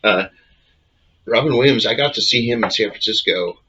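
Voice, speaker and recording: Husky man, blunt profane rants. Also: on the low side, normal speed, bright, forceful tone, dull audio. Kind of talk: casual comedic chat.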